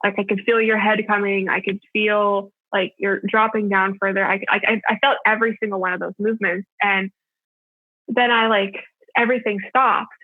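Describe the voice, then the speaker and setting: A woman's voice: mid-range voice, flat delivery, moderate pace, no echo. A young adult woman telling a personal story as a podcast guest, chatty and full of filler words. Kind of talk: casual storytelling. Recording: tinny phone-line audio, dry.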